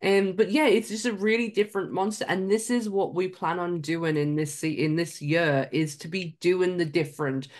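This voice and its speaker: A woman's voice: on the low side, fairly even intonation, moderate pace, few pauses, darkish tone. A woman from Sunderland with a Mackem accent, co-hosting a podcast in casual, laughing chat. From Sunderland, England. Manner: chatty, laughs often, swears casually. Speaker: podcast co-host.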